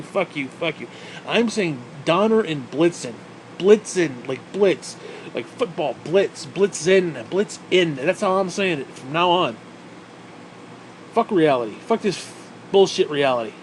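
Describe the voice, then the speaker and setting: A man rants angrily to camera, swearing nonstop and dripping with sarcasm. His voice sits somewhat high for a man. A faint hum of background noise lingers behind him. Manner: angry, swearing constantly, sarcastic. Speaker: vlogger. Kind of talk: profane ranting monologue.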